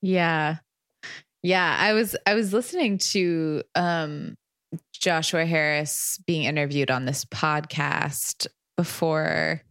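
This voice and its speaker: A woman co-hosting a podcast who recounts a book in casual chat, unhurried and often laughing as she tells it. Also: low voice, a bit bright, clear, resonant tone, dry recording, studio quality. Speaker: podcast co-host.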